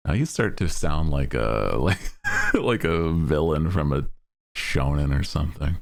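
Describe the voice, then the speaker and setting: A man's voice: extremely low pitch, lively intonation, slow pace, gravelly, a little hiss or hum. A man chatting casually while livestreaming a game, rambling playfully and laughing often. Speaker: game streamer.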